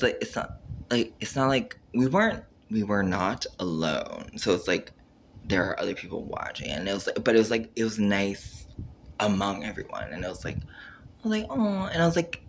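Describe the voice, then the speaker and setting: A man with a lowish voice vlogs on camera in a rambling, casual monologue stuffed with filler words. He plays out his own reactions and drifts off mid-sentence, and there's a slight hiss or hum.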